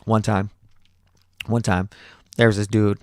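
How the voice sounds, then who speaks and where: A man hosting a podcast, telling a long story in a profane, repetitive, animated way. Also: fairly low pitch, measured pace, no room sound, studio quality. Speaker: podcast host. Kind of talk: casual storytelling monologue.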